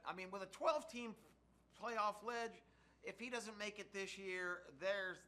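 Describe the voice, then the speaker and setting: A man with a fairly high, bright voice talks sports on the radio. He explains his views in a measured, analytical way and keeps a steady flow. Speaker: co-host.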